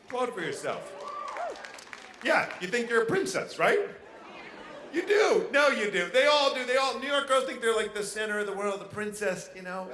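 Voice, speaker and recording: Male stand-up, high bright voice, animated, roomy venue with faint noise. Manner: animated, swings into loud mock outrage. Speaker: stand-up comedian. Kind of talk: stand-up set. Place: live comedy venue.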